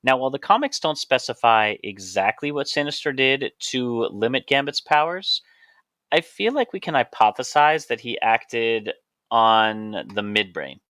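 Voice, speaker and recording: Male physician co-host, bright and forceful tone, dry close sound, steady explainer. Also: medium pitch, normal speed, no room sound. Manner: steady, explanatory, playfully leads the topic. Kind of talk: casual podcast chat.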